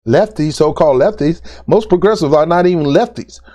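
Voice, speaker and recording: A man's voice: fairly high pitch, fairly quick, dark tone. A man ranting as a political commentary vlogger, blunt and exasperated, repeating his points in casual, informal speech. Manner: informal speech with "ain't" and "dude". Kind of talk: opinion rant to camera.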